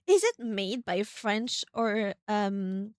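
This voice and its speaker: A woman streaming a video game, chatting casually, thinking aloud in a rambling way with sudden excited outbursts. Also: medium pitch, takes it slowly, clear, resonant tone, dry recording, clean studio sound.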